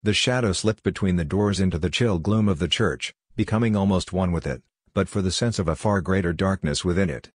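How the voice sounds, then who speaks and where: A man narrating a scripted horror story in a measured, solemn first-person telling. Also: deep voice, darkish tone, dry recording, studio quality.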